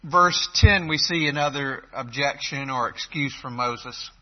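A man preaching a sermon, emphatic, swinging between loud and soft, with hesitant restarts. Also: medium pitch, a little slow. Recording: dull lo-fi recording.

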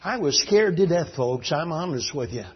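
A man preaching a sermon as a fervent, dramatic storyteller whose voice swings between hushed and loud. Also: on the high side, animated, moderate pace, husky. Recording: dull lo-fi recording.

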